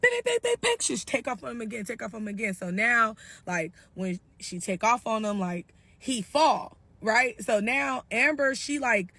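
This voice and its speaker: A woman telling a story in a casual, animated, slangy way, cursing freely. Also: a little high, moderate pace, few pauses, no room sound. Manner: animated, slangy, profane gossip.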